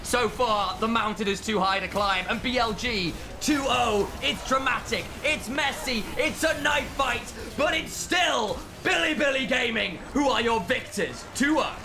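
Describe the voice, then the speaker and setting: A man doing live esports play-by-play commentary, dramatic and building to shouted calls. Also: very high voice, unhurried, vocal fry, over music.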